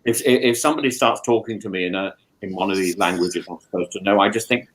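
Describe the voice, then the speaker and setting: A man hosting a casual chat, talking with many restarts and repeated words and animated asides. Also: deep voice, fast talker, rough recording. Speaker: podcast host, professor. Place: home in lockdown.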